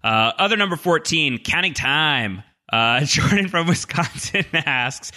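A man's voice: a little high, lively intonation, unhurried, bright, forceful tone. A man co-hosting a podcast, reading listener mail aloud with jokey, self-deprecating asides. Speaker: podcast co-host.

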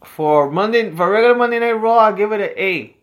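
A man's voice: high-pitched, a little fast, highs cut off. Laid-back tipsy man on a podcast. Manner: laid-back, laughs often. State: tipsy from whiskey. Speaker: podcast co-host. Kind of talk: casual chat.

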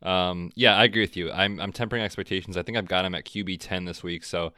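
A man co-hosting a podcast, chatting casually about football with a relaxed, chatty manner. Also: sits low, quick pace, smooth, no room sound, studio quality. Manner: relaxed, chatty, frequent fillers. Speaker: podcast co-host. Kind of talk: casual sports chat.

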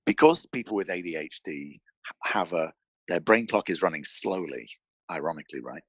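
Husky, animated man telling a story. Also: low-pitched, moderate pace, no room sound. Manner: animated, repeats words as he restarts, acts out quoted voices. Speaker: podcast guest. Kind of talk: conversational interview storytelling. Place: indoor studio with a mic.

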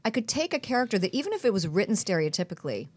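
A woman's voice: mid-range voice, big pitch swings, rapid-fire, darkish tone, no room sound. A woman guest, an actress and comedian, telling stories earnestly and reflectively in a casual panel chat.

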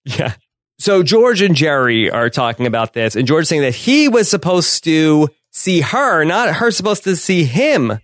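A man co-hosting a podcast, casually retelling a sitcom episode scene by scene with quick laughs. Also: a little high, sing-song, a bit bright, no echo, studio quality. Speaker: podcast co-host.

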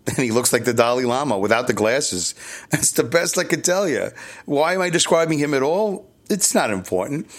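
A middle-aged man from Brooklyn, hosting a podcast alone in a loose, candid ramble, chuckling and correcting himself as he goes. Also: mid-range voice. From New York City, Brooklyn. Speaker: podcast host. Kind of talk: casual solo podcast monologue.

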